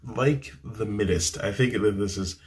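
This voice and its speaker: Male film reviewer, somewhat low voice, offhand and rambling, talking into a camera mic. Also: unhurried. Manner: rambling, dismissive, full of fillers and restarts. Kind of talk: casual chat.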